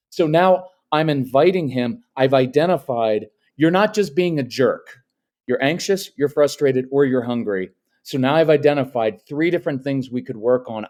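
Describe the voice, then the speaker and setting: Man, middle-aged, parenting coach, podcast interview, firm, even, matter-of-fact. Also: medium pitch.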